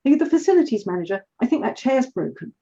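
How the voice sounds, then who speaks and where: A man's voice: very high voice, big pitch swings, fast, dark tone, exaggerated voice. A woman voicing a polite, apologetic young male office contractor in a story reading, over a dull lo-fi line.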